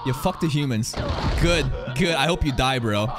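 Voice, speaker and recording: A man hosting a live anime reaction, heated and profane, yelling at the screen. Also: medium pitch, expressive, normal speed. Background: anime episode audio with music.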